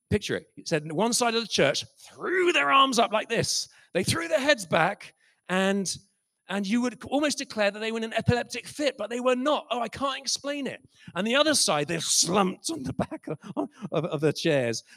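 A man preaching a sermon, telling stories with passion and swinging from soft to loud. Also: high-pitched, dry recording. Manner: impassioned, swings from soft to loud, acts out quoted voices. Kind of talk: sermon storytelling.

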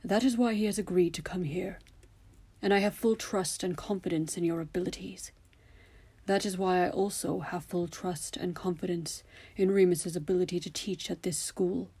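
A woman voicing an elderly male headmaster, calm and commanding, speaking softly and often in a whisper in a storybook reading. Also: medium pitch, breathy edge. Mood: hushed. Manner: soft, measured, often whispered.

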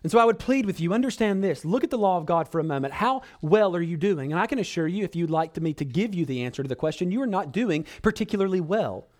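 This pastor talks fast, with few pauses and plenty of animation, earnestly addressing the congregation as brothers and sisters. His sermon shifts between loud pleading and hushed, low sections.

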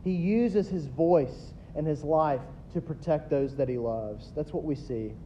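Man preaching, fairly high voice, warm tone, emphatic builds and hushed asides, dull lo-fi recording, faint rumble. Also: unhurried. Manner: emphatic preaching that swings between loud builds and quiet asides. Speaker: pastor. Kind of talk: sermon.

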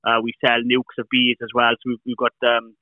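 A man's voice: medium pitch, completely flat delivery, no room sound. Man on a tinny line. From Wales. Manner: explanatory, halting with many restarts. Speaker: guest, beekeeping business owner. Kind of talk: casual interview talk. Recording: dry, tinny phone-like line.

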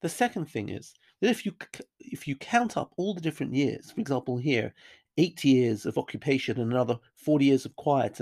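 A man explains a Bible chapter in an unscripted lesson. His voice sits at a middle pitch, and he talks thoughtfully, working through each point with fillers and small restarts. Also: vocal fry, darkish tone. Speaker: Bible teacher.

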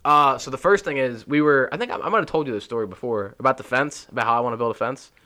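A man's voice: medium pitch, fast. A young man, co-hosting a podcast and telling stories animatedly in casual chat, swearing often. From Philadelphia area. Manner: animated storytelling, swears a lot. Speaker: podcast co-host.

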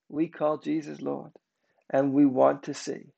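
A man preaching a sermon, emphatic, swinging between loud declarations and hushed, slowed passages. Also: a little high, level tone, gravelly, highs cut off.

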